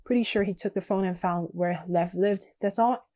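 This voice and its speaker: A woman's voice: mid-range voice, normal speed, warm tone, natural voice. A woman voicing a guarded young woman gang member in a text game, read aloud plainly. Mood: resigned.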